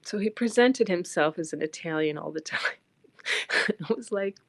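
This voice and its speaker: Middle-aged new lady, low voice, ranting bluntly about an old boss, dry close sound. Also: unhurried, creaky, no echo. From New York. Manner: blunt, animated, emphatic storytelling. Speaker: livestreamer. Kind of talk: casual personal storytelling.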